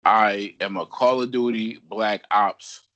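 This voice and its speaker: A man's voice: fairly low pitch, fairly even intonation, takes it slowly, fairly bright tone, lo-fi sound. A man co-hosting a wrestling podcast, talking in casual, slangy, joking banter. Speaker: podcast co-host.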